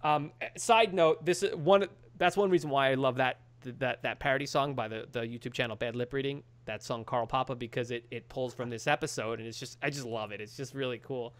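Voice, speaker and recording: A man's voice: mid-range voice, brisk, hardly any pauses. A man co-hosting a podcast, casually recapping a TV episode and acting out the characters' lines in quotes. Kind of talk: casual chat.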